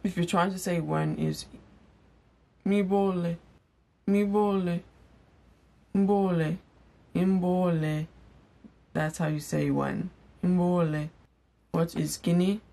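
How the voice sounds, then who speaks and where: A young woman giving a casual vlog language lesson, repeating each word slowly for learners. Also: fairly low pitch, steady tone, gravelly, warm tone. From Igbo household in Nigeria. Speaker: language teacher. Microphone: on-camera mic.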